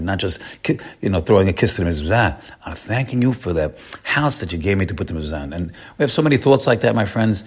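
Husky-voiced man preaching lively emphasis. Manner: warm exhortation, repeats phrases, addresses "my friends"; lively swings in pitch and loudness for emphasis. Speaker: rabbi giving a short talk. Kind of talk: inspirational sermon.

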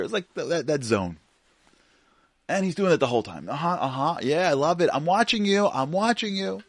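A middle-aged man giving a sermon as a Jewish teacher, telling a story in an animated way and acting out the voices. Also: lowish voice, no room sound.

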